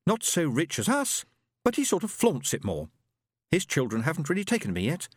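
A man voicing a lively young woman, the hero's sister, in a high, sing-song audiobook character voice. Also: normal speed, husky, dry recording, full character voice. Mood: bubbly.

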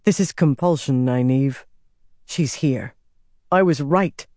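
A woman reading an audiobook, voicing a cold, commanding young man who speaks softly and offhandedly. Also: very deep voice, takes it slowly, no room sound, clean studio sound. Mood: calm. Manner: soft, eerie, offhand.

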